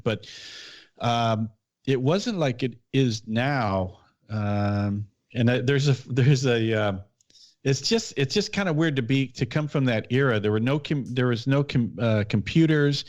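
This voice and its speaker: A man's voice: medium pitch, a little mellow, dry recording. A middle-aged man, a podcast host and former police officer, telling a detailed story in casual chat with frequent restarts. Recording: dull, dry podcast audio.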